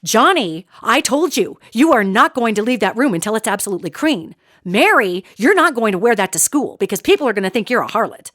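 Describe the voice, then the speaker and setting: A woman voicing a stern parent scolding their children, in a sharp, fast, commanding tone. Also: fairly high pitch, sing-song, no echo, clean studio sound.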